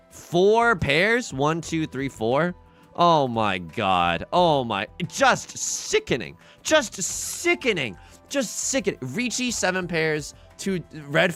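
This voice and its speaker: A man commentating his online mahjong game on a live stream, swinging from mutters to shouts and laughs. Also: medium pitch, vocal fry. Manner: wildly swinging, shouts and cries out, laughs often.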